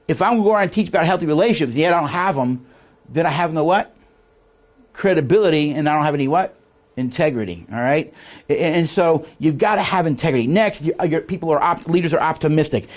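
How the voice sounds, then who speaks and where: A man teaching leadership in a classroom lecture, quizzing his listeners with fill-in questions before a live audience. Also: on the high side.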